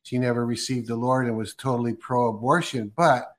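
A man's voice: medium pitch, steady tone, moderate pace. Man co-host asking a question. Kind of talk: casual talk show chat.

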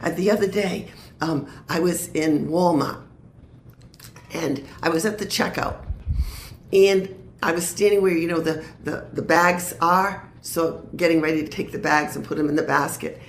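A woman's voice: sits low, fairly even intonation, moderate pace, reverberant, a little hiss or hum. A woman minister sharing a prophetic word in an earnest way and laughing easily.

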